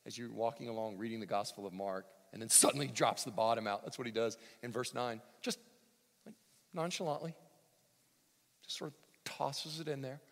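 A male pastor preaching a sermon, swinging from near-shouts to hushed tones, with joking asides. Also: medium pitch, brisk, vocal fry. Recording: long hall reverb.

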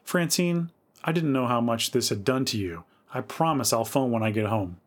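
A man voicing a bold young woman who talks calmly and reassuringly, in a spooky story reading. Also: mid-range voice, moderate pace, natural voice.

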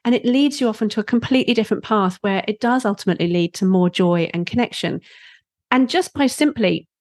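A woman who works as a parenting instructor, talking as a guest in a podcast interview, playful and quick to laugh. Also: medium pitch, no room sound. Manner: playful, laughs easily, animated. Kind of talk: conversational interview.

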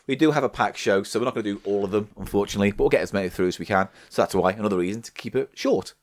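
A man's voice: lowish voice, no room sound. A man co-hosting a podcast in casual chat, bantering and slipping into silly impressions. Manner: bantering, breaks into quick silly accent impressions. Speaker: podcast co-host.

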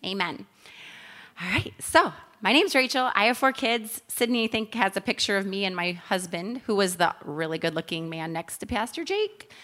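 A woman in her thirties tells a church testimony in a chatty, earnest way, her voice bright and clear. She talks at a middling pitch, moving easily between story and prayer. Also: animated, normal speed, hardly any pauses. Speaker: women's ministry speaker.

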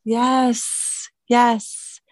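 A woman guest in a casual interview conversation, speaking in a halting, reflective way and warmly affirming her host. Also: fairly high pitch, little pitch movement, no echo. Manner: halting and reflective, many fillers and restarts, warm affirmations. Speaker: interview guest and business owner.

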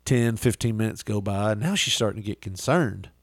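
A man's voice: fairly low pitch, expressive, brisk, no echo. A man co-hosting a podcast, telling jokes in a loose, casual way and swearing freely. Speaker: podcast co-host. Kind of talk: casual chat, joke telling.

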